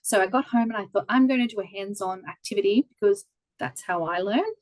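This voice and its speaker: Casting: Australian woman in her thirties, animated storyteller, video call guest, dry close sound. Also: medium pitch, a little fast, no echo, low-quality recording. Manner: lively, animated storyteller who acts out quoted voices. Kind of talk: casual storytelling interview.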